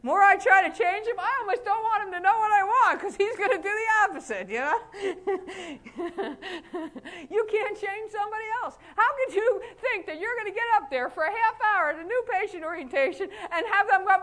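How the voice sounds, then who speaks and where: A middle-aged woman with a high voice speaks at a moderate pace, giving a motivational talk to fellow chiropractors. Her style is folksy and animated, with frequent laughter and acted-out versions of what people told her.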